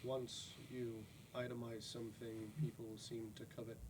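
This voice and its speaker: A man playing a tabletop game, thinking aloud in a deliberate in-character party discussion on a quiet home mic. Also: mid-range voice, level tone, background noise.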